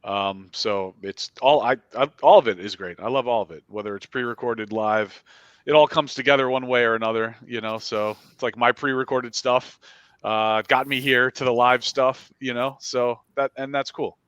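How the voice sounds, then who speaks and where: A man from New York with a New York accent, a podcast guest chatting in a relaxed way with many fillers. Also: mid-range voice, normal speed, smooth, dry recording, lo-fi sound. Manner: relaxed, filler-heavy talk. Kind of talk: casual chat.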